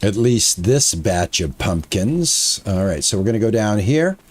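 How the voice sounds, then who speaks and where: A man's voice: lowish voice, sing-song, measured pace. A man streaming a farming game, chatting casually and thinking aloud about what he is doing, on a headset mic. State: out of breath. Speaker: gaming streamer. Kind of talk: casual gameplay commentary.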